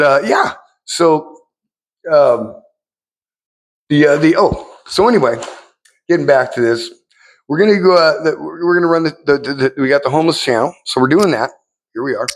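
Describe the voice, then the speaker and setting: A middle-aged man vlogging in a casual, rambling monologue, cursing freely and jumping up in pitch when excited.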